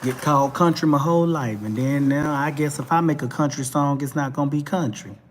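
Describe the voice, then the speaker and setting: A man's voice: fairly high pitch, fairly quick, a little hiss or hum. A man with a Texas twang hosting a talk show, giving a blunt, emphatic and profane ranting monologue that keeps hammering the same points. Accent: Texan twang.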